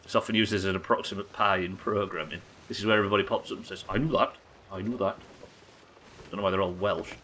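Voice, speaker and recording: A man's voice: low voice, fairly even intonation, fast, fairly bright tone, slight background noise, poor audio. A young man streaming a game live, teasing his chat with sarcastic, sweary banter. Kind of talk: live gameplay commentary and chat reading.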